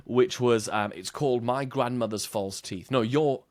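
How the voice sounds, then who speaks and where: A man who is a podcast guest explaining marketing in a conversational interview, animated and using examples with shifting emphasis. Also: medium pitch, normal speed.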